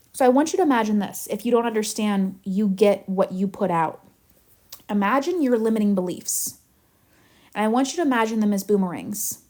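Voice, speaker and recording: A woman manifestation coach teaching in a live Q&A, animated and chatty as she tells stories. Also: medium pitch, fairly quick.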